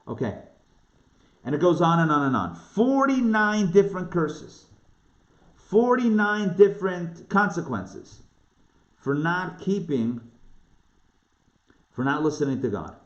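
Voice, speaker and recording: A man's voice: fairly high pitch, very animated, slow pace, pauses often. A man giving a casual Torah lesson as a rabbi, talking conversationally and asking his listeners questions. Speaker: rabbi teaching a live online class. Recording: echoey room, dull lo-fi sound.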